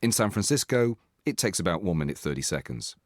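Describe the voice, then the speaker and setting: Deep-voiced, dry English man narrating. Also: sing-song, fairly quick, dry recording. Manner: dry, self-deprecating. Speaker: host and narrator. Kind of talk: scripted comic narration.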